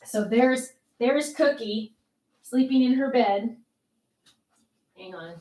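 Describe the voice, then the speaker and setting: A woman's voice: takes it slowly, dark tone. Chatty woman on a craft livestream. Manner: chatty and rambling, with many ums and restarts; calls out to her dogs in a high sing-song voice. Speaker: livestream host of a craft channel. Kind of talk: casual live chat reading viewer comments. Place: home office.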